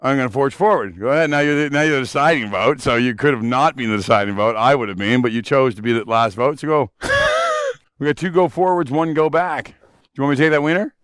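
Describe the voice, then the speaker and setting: A man's voice: medium pitch, quick pace, a bit bright, clean tone, dry recording, clean studio sound. A middle-aged man, slightly out of breath, chatting in a boisterous, joking, profane way while snowshoeing along a snowy outdoor trail. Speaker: podcast host and company boss. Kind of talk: casual chat while hiking.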